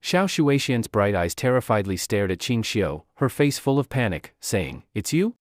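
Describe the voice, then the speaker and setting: Man narrating a story in a dry, lively voice. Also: on the low side, moderate pace, dry recording. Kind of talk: scripted narration.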